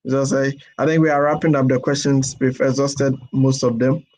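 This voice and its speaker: A man's voice: medium pitch, little pitch movement, moderate pace, darkish tone, poor audio. A man moderating a webinar, politely reading out audience questions and often repeating words.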